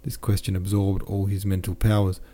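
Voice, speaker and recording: Deep, mellow male audiobook reader. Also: level tone, normal speed. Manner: plain reading with casual self-corrections and asides. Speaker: podcast host and audiobook reader. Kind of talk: reading a classic novel aloud.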